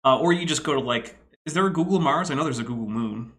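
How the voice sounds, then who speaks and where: A man with a bright, forceful tone talks casually from home, rambling through explanations. He is knowledgeable but leans on plenty of ums and likes. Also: medium pitch, lively intonation, fast. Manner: rambling, knowledgeable, filler-heavy. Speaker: co-host reacting to a video. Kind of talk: casual commentary. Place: home room.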